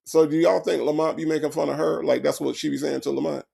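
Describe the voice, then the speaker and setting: A man hosts a casual comedic commentary, animated and answering his chat. His voice sits a little high with a gravelly edge. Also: fast talker. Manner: animated, talking back to chat. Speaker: commentary host.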